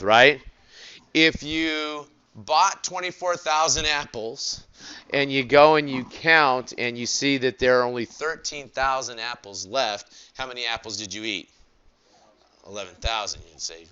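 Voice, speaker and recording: A man lectures on accounting, repeatedly tossing rhetorical questions at his students. His voice is smooth and resonant, with a mid-range pitch. The recording is dry and somewhat dull. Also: unhurried, no room sound. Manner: asks the class rhetorical questions, animated. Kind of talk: classroom lecture.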